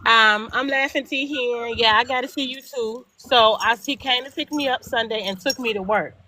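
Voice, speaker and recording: High bright-voiced middle-aged woman storyteller. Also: normal speed. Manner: animated, acts out both sides of dialogue; emphatic repetition. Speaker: guest storyteller. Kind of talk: casual storytelling chat.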